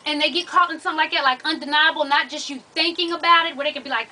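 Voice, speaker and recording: A woman's voice: high-pitched, quick pace, hardly any pauses, sharp tone, far from the mic. A woman hosting an advice vlog, blunt, sassy and profane as she talks straight to the viewer. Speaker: advice show host.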